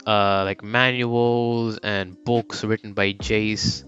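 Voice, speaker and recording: A man's voice: fairly low pitch, flat delivery, slow, a bit bright, lo-fi sound, soft background music. A young man casually narrating a fan story, slangy and rambling.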